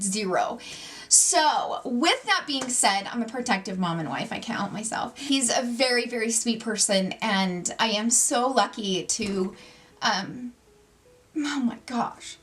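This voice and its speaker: A woman in her forties hosting her own channel, chatty and a little nervous as she talks to camera. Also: fairly high pitch. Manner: chatty, self-described loud, nervous. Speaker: YouTube channel host. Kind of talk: casual chat to camera.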